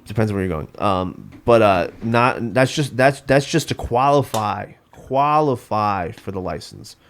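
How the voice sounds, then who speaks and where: A man's voice: lowish voice, expressive, unhurried, slight background noise. A man ranting in casual podcast talk, stumbling over his words and restarting often. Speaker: podcast guest. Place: home studio.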